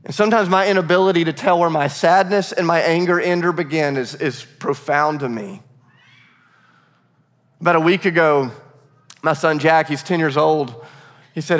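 Earnest pastor preaching in a reverberant hall. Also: male voice, a little high, moderate pace, pauses often. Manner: earnest, repeats words, varies pace for emphasis. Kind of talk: sermon. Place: church sanctuary. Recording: long reverb of a large hall.

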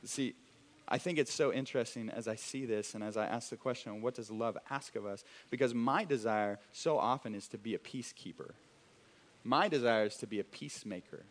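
A young man preaching a sermon to a congregation in a church, animated and conversational, with frequent restarts and acted asides. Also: mid-range voice, a little fast. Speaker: pastor.

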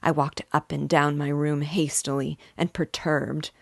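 A woman reads a classic novel aloud at an unhurried pace, with a low, even voice. She sounds close to the mic, and the recording is dry. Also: creaky, dry recording. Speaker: host reading a novel aloud.

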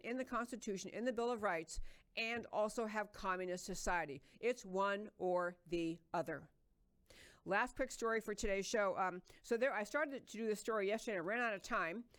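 A woman's voice: medium pitch, a bit bright. A middle-aged woman hosting a political talk show, delivering an earnest, emphatic monologue with frequent fillers and restarts.

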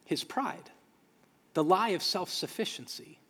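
A man's voice: high-pitched, lively intonation, a little slow, fairly bright tone, slightly rough. Earnest preacher man, reverberant hall. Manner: earnest, emphatic repetition. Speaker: pastor. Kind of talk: sermon.

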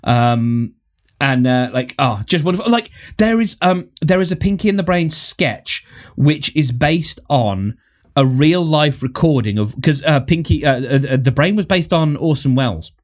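A man's voice: fairly high pitch, expressive, normal speed. A man hosting a podcast in casual nostalgic chat, enthusiastic and rambling, with many fillers. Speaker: podcast host.

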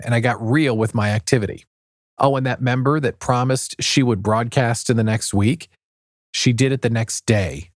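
A man's voice: mid-range voice, no room sound, clean studio sound. A man hosting a business podcast, talking in a conversational way and leading with questions. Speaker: podcast host. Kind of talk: podcast interview.

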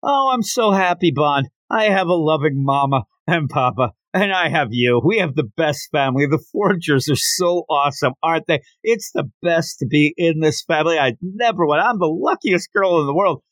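A gushing, over-the-top little girl, as a man puts on a raised voice for her while reading a manga aloud. The voice swings all over in pitch, with a dry, close sound. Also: animated, normal speed, hardly any pauses, fairly bright tone, no room sound. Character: excitable little girl gushing about family.

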